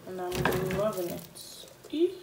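Slow-talking Nigerian woman vlogging at home. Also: on the low side, expressive, very noisy. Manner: chatty, dramatic asides, sometimes drops to a whisper. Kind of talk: casual vlog chat. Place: her bedroom at home.

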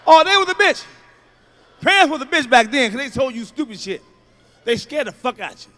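A man doing stand-up comedy, telling profane, animated stories and acting out shouts. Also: extremely high pitch, brisk, long pauses. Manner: profane, loud, animated storytelling with acted-out shouts.

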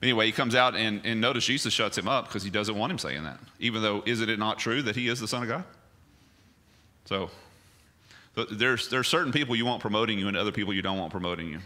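A male pastor preaching to his congregation in a plain, conversational way. He keeps asking rhetorical questions, and his voice sounds bright and forceful. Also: lowish voice, fast. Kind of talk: sermon. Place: church.

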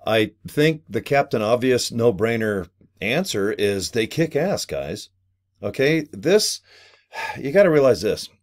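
A man talking casually to camera as a marketing affiliate, animated and salesy, acting out quotes and laughing now and then. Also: mid-range voice.

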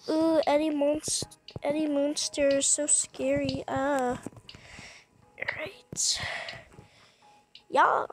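A woman giving casual, excitable commentary while playing a scary game, gasping and jumping at every scare. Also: sits high, slow, long pauses, background noise. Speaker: gaming streamer.

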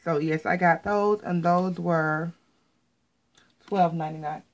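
Chatty american lady doing a clothing haul, lowish voice, keeps saying you guys. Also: fairly even intonation, measured pace, muffled recording. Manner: chatty, repeats words, says "you guys" often. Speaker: fashion vlogger. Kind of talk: casual haul video.

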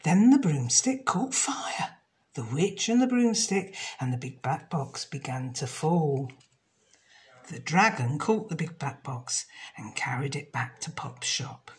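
Slow, lively children's storyteller woman. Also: sits low. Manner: slow, expressive and lilting.

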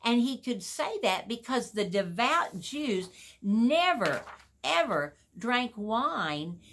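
A woman preaching a sermon in a folksy, animated way, putting questions to the congregation. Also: a little high, slow.

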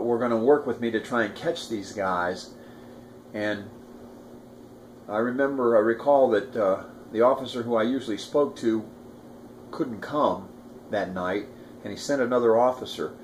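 A man's voice: on the low side, slight background noise. A man in his sixties casually recalling a past event, rambling with restarts and asides. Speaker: storyteller recalling a past crime. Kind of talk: casual first-person recollection.

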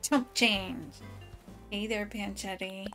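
A woman hosting a let's play, chatting to her viewers in an excitable, bubbly way. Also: medium pitch, takes it slowly, soft background music. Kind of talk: cheerful gameplay commentary.

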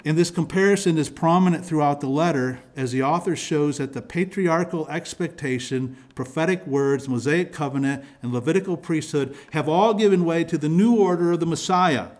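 A pastor preaching a sermon in church, explaining scripture in a teaching manner with frequent restarts and repeated words. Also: male voice, a little high, moderate pace, few pauses. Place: church sanctuary.

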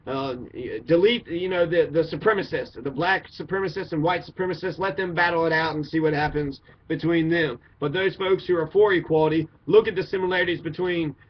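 Kentucky guy ranting bluntly, cussing, kinda high voice, muffled lo-fi audio. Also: brisk, few pauses, slight background noise. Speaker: commentator. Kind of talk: opinionated monologue. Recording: dull lo-fi recording.

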